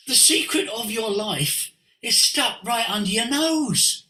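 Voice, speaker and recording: Male voice coach, very bright and lively, preachy teaching talk, roomy video-call echo. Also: very high-pitched, slow. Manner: animated and preachy, sweeping emphasis.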